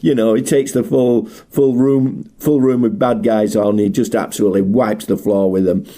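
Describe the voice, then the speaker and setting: A man's voice: on the low side, fairly even intonation, normal speed, dark tone. A middle-aged man presenting a film tribute in a chatty, enthusiastic, rambling monologue. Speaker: martial arts film specialist presenting a tribute. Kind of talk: casual spoken monologue.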